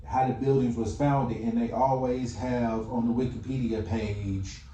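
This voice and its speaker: A man with a dark, mellow voice rambles casually, tripping over his words and starting again. He sounds distant from the mic in a roomy space with a faint hum behind him. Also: mid-range voice, fairly even intonation, measured pace, lo-fi sound. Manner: rambling, stumbles and restarts. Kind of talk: casual vlog talk.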